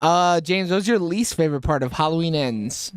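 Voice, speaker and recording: A man's voice: fairly high pitch, a little fast, clear, resonant tone, no echo, clean studio sound. A man hosting a casual movie review podcast, laughing often and swearing freely as he asks the questions.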